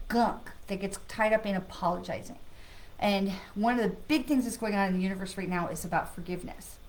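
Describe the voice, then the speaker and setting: A middle-aged woman hosting a live stream as a psychic medium, talking to viewers in an earnest, animated way that often restarts and corrects itself. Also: medium pitch. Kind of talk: casual live-stream talk.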